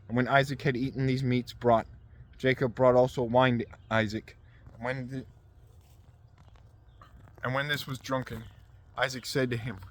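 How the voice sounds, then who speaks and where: A man reading scripture aloud at a measured pace, with occasional stumbles and restarts. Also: medium pitch, level tone. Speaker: scripture reader.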